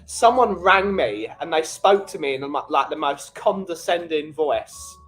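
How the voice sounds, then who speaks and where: A man's voice: a little high, animated, moderate pace, fairly bright tone, faint music behind, rough recording. A man who runs a small coffee company, chatting casually on a livestream and greeting viewers in the chat by name. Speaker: coffee shop owner and livestream host.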